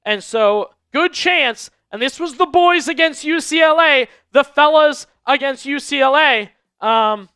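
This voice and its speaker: A man's voice: extremely high pitch, pushed and bright, smooth, dry recording. A man hosting a live sports stream, giving casual pregame commentary and talking straight to his viewers, often repeating phrases for emphasis. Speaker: livestream sports show host.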